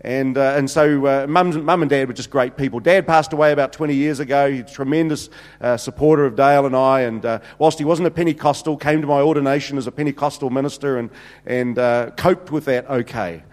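A middle-aged senior pastor with a medium-pitched, steady voice tells funny stories in a sermon, moving briskly and using many fillers. His humorous, anecdotal delivery echoes with long reverb through a church hall.

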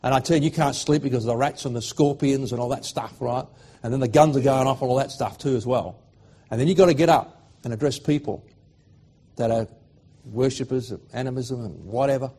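A middle-aged Australian man with a husky, medium-pitched voice preaches briskly, swinging from loud, fervent declarations to hushed, emotional storytelling.

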